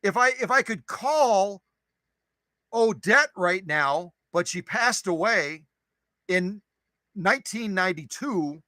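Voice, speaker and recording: A man's voice: high voice, animated, takes it slowly, sharp tone, no room sound, poor audio. A man hosting a live stream who chats casually with viewers, greeting them by name in a playful, goofy way and repeating phrases for fun.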